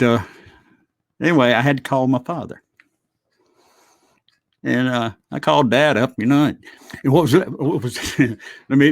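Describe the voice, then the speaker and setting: A man's voice: mid-range voice, no room sound. Folksy middle-aged man, dry close sound. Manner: folksy, rambling, chuckles and swears as he reminisces. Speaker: vlogger. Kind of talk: casual storytelling.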